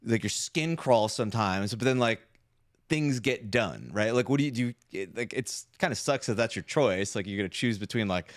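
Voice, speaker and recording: In a lowish voice at normal speed, a man ranting on his podcast swears freely and keeps dropping "like" and "right?" as he co-hosts a casual chat. It's a dry, studio-quality recording.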